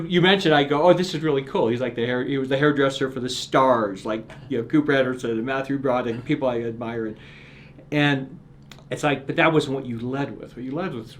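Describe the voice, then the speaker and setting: Middle-aged male author, earnest storytelling guest, stumbles into sentences, faint background hiss. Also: medium pitch. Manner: earnest, repeats words when starting sentences. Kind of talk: reflective storytelling interview.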